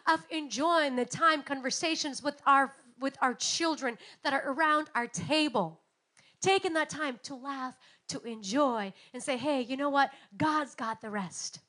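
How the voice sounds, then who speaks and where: A woman in her thirties preaching a sermon, telling stories and acting out quotes with big swings in loudness. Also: high voice. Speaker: pastor.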